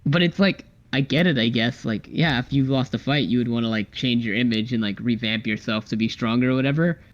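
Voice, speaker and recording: A man co-hosting a casual podcast, talking excitedly and swearing a lot as he chats about fighting games. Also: medium pitch, fairly quick, muffled recording. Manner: excited, swears often, acts out character lines. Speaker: podcast co-host. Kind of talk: casual chat.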